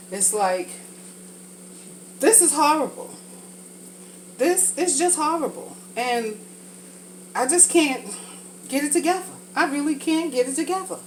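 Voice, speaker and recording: This vlogger's voice sits high and sounds a little congested, since she has a sinus infection. She talks frankly and casually while she cooks, rambling from thought to thought. The audio quality is poor, with slight background noise.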